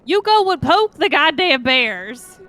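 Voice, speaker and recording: A woman's voice: high-pitched, very animated, slow pace, bright, forceful tone. A woman on a gaming livestream who reads the game's lines aloud, laughs often and swears freely. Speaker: co-streamer reading game dialogue aloud. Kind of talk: casual chat and reading game lines.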